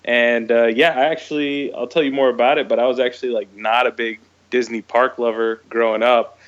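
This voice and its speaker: A man from Florida, a guest speaking in an easygoing, relaxed way in a casual interview. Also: medium pitch, a little fast, dull audio. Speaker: guest, business co-owner.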